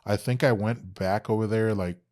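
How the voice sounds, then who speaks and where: A man's voice: fairly low pitch, normal speed. A young man from Texas, a podcast guest telling stories casually, swearing often and acting out quoted dialogue. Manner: animated, profane storytelling, acts out quoted dialogue. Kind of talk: casual storytelling interview.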